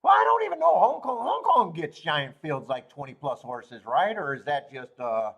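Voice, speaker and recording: A man's voice: fairly high pitch, very animated, moderate pace, a bit bright, lo-fi sound. Young male host, slightly raised voice, stuffy from a cold, profane and rambling, casual live-stream delivery. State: congested from a cold. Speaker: horse racing show host.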